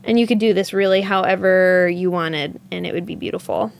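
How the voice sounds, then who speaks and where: A woman's voice: on the low side, fairly quick, gravelly, slight background noise. A woman hosting a yarn shop livestream, chatting casually, thinking aloud and answering viewer comments as she goes. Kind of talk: casual live-stream chat.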